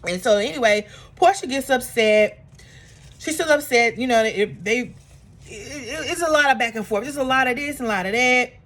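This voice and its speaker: A woman recapping a reality TV episode in a casual, gossipy vlog, animated and chatty, with plenty of fillers. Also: a little high, normal speed. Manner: animated, acts out quotes in exaggerated voices; chatty with frequent fillers and laughs.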